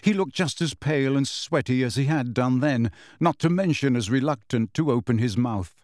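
A man narrating an audiobook in a measured storytelling manner. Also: mid-range voice, expressive, darkish tone, no room sound, studio quality. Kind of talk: scripted narration.

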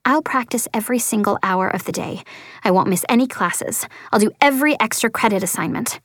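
A woman's voice: mid-range voice, fairly quick, fairly bright tone, dry recording, studio quality. Woman narrating a first-person audiobook.

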